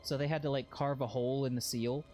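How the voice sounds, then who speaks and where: A man's voice: mid-range voice, fairly even intonation, quick pace, mellow, soft background music. A man streaming a video game, joking with chat and repeating phrases in mock panic. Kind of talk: casual gameplay commentary.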